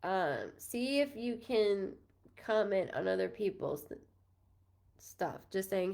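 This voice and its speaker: A woman's voice: mid-range voice, expressive, slow pace, vocal fry, a little mellow. A woman in her thirties from New York, a psychic medium giving a live-streamed reading in a chatty, rambling, apologetic and emotional way. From New York, USA. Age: 30s.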